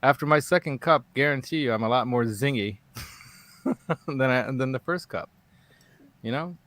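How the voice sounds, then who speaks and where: A man's voice: mid-range voice, moderate pace, a bit bright, no room sound. A man hosting a casual live talk show, rambling and digressive and laughing often. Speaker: host. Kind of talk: casual livestream chat.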